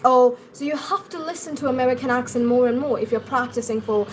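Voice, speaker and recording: A woman's voice: sits high, fast talker, a little hiss or hum. A young woman with an Indian English accent, teaching pronunciation on a live stream and answering viewers' comments as she goes.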